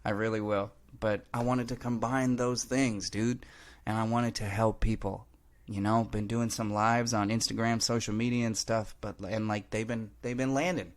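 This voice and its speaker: A man's voice: lowish voice, steady tone, moderate pace. A young man hosting a podcast, talking earnestly and emphatically to his listeners, often calling them man and brother. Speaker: podcast host. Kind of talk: heartfelt motivational podcast monologue. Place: Los Angeles.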